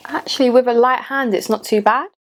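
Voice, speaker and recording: A woman's voice: a little high, fairly even intonation, a little fast. Chatty woman in her late twenties. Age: late 20s. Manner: chatty and gushing, talking to herself while applying makeup. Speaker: beauty vlogger. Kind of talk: casual makeup tutorial chat. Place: home room at a cluttered desk.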